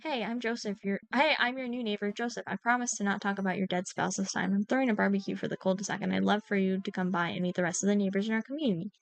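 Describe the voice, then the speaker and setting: A man's voice: high voice, fairly even intonation, quick pace, vocal fry, few pauses, no echo. A woman voicing a cheerful, friendly male neighbor who is a youth minister dad, in a dating game read aloud on stream, with faint music behind. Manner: upbeat, neighborly.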